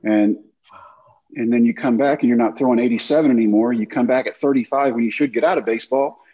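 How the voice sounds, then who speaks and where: A man in his fifties, a former baseball pitcher and guest, telling animated stories over a video call and acting out quotes. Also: quick pace, slightly rough, muffled recording. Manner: animated anecdotes with acted-out quotes. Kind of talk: storytelling in casual chat.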